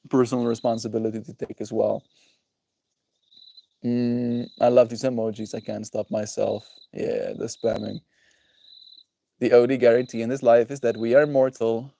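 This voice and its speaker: A man's voice: medium pitch, fairly even intonation, normal speed, gravelly, dark tone. A man chatting casually with his live-stream viewers, playful and rambling, often checking in with "right?". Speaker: livestreamer reading chat.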